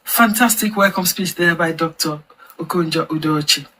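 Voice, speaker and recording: A woman hosting a formal online celebration event, announcing each part in a measured, deliberate way. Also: low voice, fairly bright tone, slight background noise, rough recording. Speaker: event host and campaign founder.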